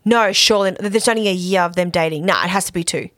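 A young woman chats on a podcast, giggly and quick to laugh, her talk loose and full of fillers. The sound is dry and close, with no room around her. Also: fairly low pitch, a bit bright, dry recording. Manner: giggly, chatty, often laughing. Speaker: podcast co-host. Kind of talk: casual chat.

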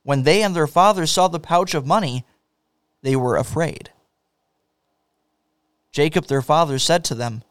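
Guy reading the bible aloud, steady pace, slightly high voice, dry close studio sound. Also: a little slow, long pauses, smooth, dry recording. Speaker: scripture reader. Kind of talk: scripture reading.

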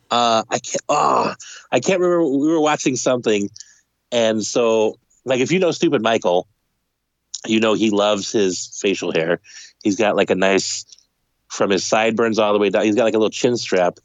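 A man's voice: lowish voice, normal speed, dry recording, highs cut off. A man co-hosting a podcast in casual chat, laughing often and chiming in. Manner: laughs often, chimes in with short replies. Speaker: podcast co-host.

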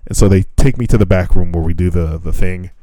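A man's voice: low-pitched, fast talker, warm tone, no echo. A man hosting a podcast, telling a profane, laughing story in casual chat. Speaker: podcast host.

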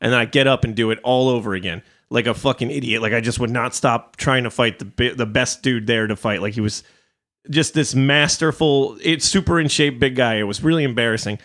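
A man's voice: medium pitch, a little fast, a bit bright. Rambling, swearing man telling stories. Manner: rambling storyteller, swears freely. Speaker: podcast host. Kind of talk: casual chat.

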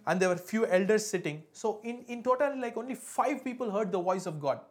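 A man preaches a sermon. His delivery jumps between loud emphatic peaks and hushed, slowed phrases. He keeps checking in with the congregation for answers. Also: sits high, lively intonation. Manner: asks the congregation for responses. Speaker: pastor.

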